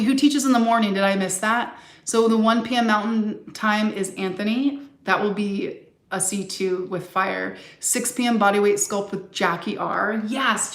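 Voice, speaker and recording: A woman yoga and sculpt instructor wrapping up a live-streamed class, gushing thanks to her viewers and moderator. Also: medium pitch. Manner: warm, gushing, effusive thanks. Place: yoga studio. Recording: roomy echo.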